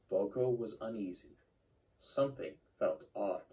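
Slow, lively storybook narrator, a man. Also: lowish voice, rough recording. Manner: measured, expressive storytelling. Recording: loud background music.

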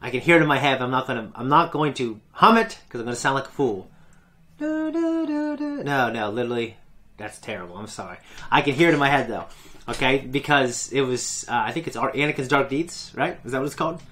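A man's voice: mid-range voice, quick pace, a bit bright. A man hosting a reaction video, chatting casually and enthusiastically in a rambling, self-correcting way. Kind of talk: casual fan commentary.

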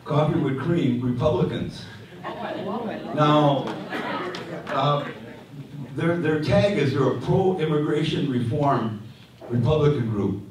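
A man's voice: a little high, slow pace, pauses often, a crowd in the background. A man moderating a panel at a conference, introducing the speakers with joking asides and many restarts. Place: community hall. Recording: echoey hall from far off, faint noise.

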